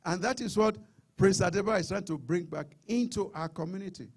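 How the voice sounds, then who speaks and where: A man's voice: high-pitched, a little fast, creaky, husky. A middle-aged Nigerian man with a Nigerian accent, giving an emphatic public lecture and often repeating words. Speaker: seminar speaker.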